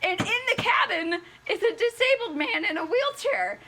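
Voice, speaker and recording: A woman's voice: very high voice, expressive, moderate pace, heavy background noise. A woman streamer ranting a profane, sarcastic book review.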